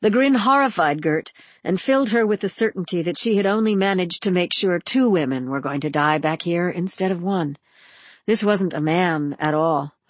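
Woman, audiobook narration, lowish voice, dry close studio sound. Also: moderate pace, no echo.

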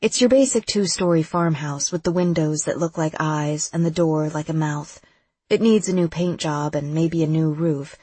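A woman reads a first-person novel aloud with urgent, vivid delivery. Her voice is slightly low and husky, recorded close and dry. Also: warm tone, no echo. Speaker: audiobook narrator. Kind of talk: first-person audiobook narration.

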